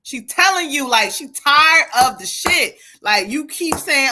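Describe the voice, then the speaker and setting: A woman's voice: sits high, big pitch swings, takes it slowly, hardly any pauses, noisy background. A woman co-hosting a live stream, giving emphatic, profane spiritual readings to viewers. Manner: emphatic, profane, calls out to viewers as "child" and "y'all".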